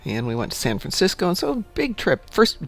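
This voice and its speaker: Animated man chatting on a stream. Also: high voice, a little fast, creaky. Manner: lively, animated reactions. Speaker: co-host. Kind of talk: casual chat on a livestream.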